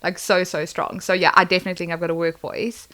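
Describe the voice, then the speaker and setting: A woman's voice: lowish voice, fast. A South African woman co-hosting a casual chat podcast, telling stories and acting out what people said. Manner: animated storyteller, acts out quotes. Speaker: podcast co-host.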